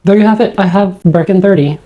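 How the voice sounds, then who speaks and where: A woman vlogging an unboxing, gushing and awestruck, shaky with excitement and keeps losing her words. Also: medium pitch, quick pace, dull audio, a little hiss or hum.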